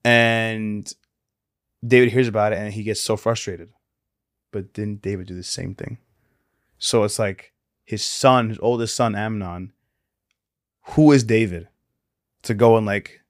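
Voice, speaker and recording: A man with a fairly low voice talks through Bible stories in a loose, casual way. He fills his sentences with "like" and "right," and drops in quick acted lines for the people in the story. The sound is dry and close. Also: fairly even intonation, dry recording. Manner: retells stories with quick acted quotes and many fillers. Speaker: podcast co-host.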